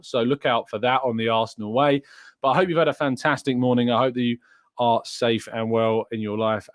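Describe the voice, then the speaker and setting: A man's voice: medium pitch, no echo, studio quality. Chatty English man hosting a live show. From England. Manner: rambling, chatty, many fillers and restarts. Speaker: podcast host. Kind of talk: live-stream chat reading viewer questions.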